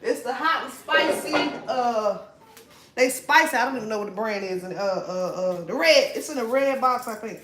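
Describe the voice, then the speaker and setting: A young woman with a high voice chats through a home cooking vlog, swearing freely and laughing often. Her volume jumps from loud bursts to near mutters. The kitchen rings with echo, with a faint hiss of noise behind her. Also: moderate pace. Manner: chatty, profane, laughs often, swings loud and soft. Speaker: vlogger. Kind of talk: casual cooking vlog chat. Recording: echoey room, faint noise.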